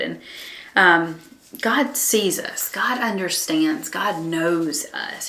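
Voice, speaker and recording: A woman teaching a conversational Bible lesson in an earnest, reflective way, pausing with ums and restarting her thoughts. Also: fairly low pitch, bright, forceful tone, roomy sound.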